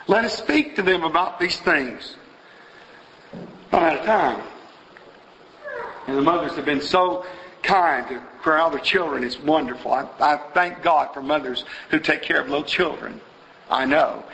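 A man's voice: on the high side, sharp tone. A man preaching a sermon in church, emphatic and full of rhetorical questions to the congregation. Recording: echoey church hall.

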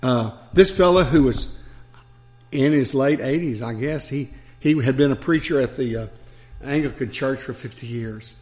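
A man's voice: medium pitch, moderate pace, darkish tone. A man preacher delivering a sermon, telling stories with chuckles and asides.

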